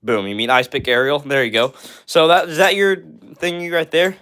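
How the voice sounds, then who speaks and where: A young man with a slightly higher voice hosts a casual live stream. He reads viewer comments aloud and answers each one in a friendly, upbeat tone, leaning on "all right" and "bro" as he goes. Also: steady tone, normal speed, a bit bright, clear, resonant tone.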